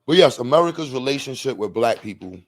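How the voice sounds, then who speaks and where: Speaking fast in a medium-pitched voice with lively intonation, a man hosts a livestream. His casual talk wanders, full of slang and laughter.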